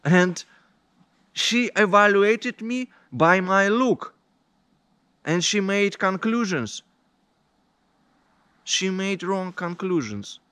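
Man, indignant vlog rant, unhurried delivery, fairly high voice. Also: sharp tone, smooth, no echo. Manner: indignant, deliberate storytelling. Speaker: vlogger. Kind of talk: complaining vlog monologue.

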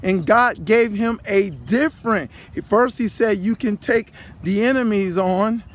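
A man's voice: high-pitched, a little slow. A man preaching casually while walking by a pond, rambling and repeating phrases, recorded on a handheld phone. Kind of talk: outdoor walking vlog sermon. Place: outdoors by a pond.

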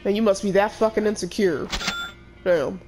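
A woman commentating her gameplay in a brash, loud, cussing way, constantly talking back at the characters on screen. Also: mid-range voice, moderate pace, over music. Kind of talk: let's play commentary.

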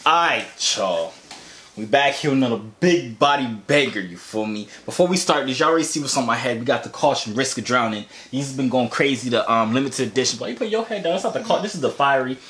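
A man's voice: medium pitch, animated, fast talker, fairly bright tone, faint music behind. A young man hosting a casual vlog with his little brother, teasing and laughing often. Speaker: vlogger, older brother.

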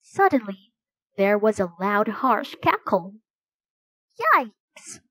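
A woman reading a children's story aloud in a slow, clear, gentle storytelling way. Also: medium pitch, expressive, no echo, rough recording. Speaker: storybook reader.

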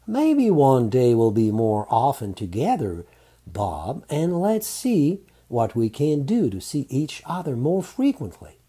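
A man's voice: medium pitch, wildly swooping pitch, slow pace, dark tone, husky, heavily acted. A man voicing a flirtatious French neighbour woman. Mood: coaxing. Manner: teasing, seductive.

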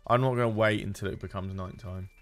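A man's voice: fairly low pitch, steady tone, fast, soft background music. Muttering, swearing game streamer, a man. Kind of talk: casual gameplay commentary.

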